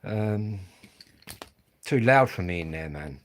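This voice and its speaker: Speaking slowly in a fairly low voice with lively intonation, this middle-aged livestream host from England has a Kent accent. He rambles and chats casually with his viewers, dropping swear words and blokey slang along the way.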